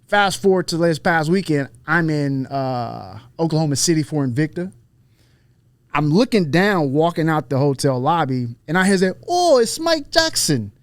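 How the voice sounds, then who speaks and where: Animated, profane man telling a story. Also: a little high, moderate pace, clean tone, no echo. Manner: profane, animated, acts out the voices he quotes. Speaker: podcast guest, fighter. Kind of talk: casual storytelling.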